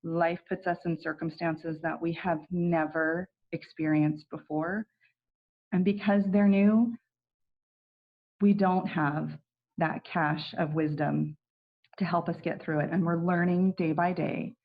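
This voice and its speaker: Middle-aged woman giving an online class, earnest, lots of ums, gravelly voice, kinda dull lo-fi sound. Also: on the low side, fairly even intonation, slow pace. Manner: earnest, with many ums and restarts. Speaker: class presenter.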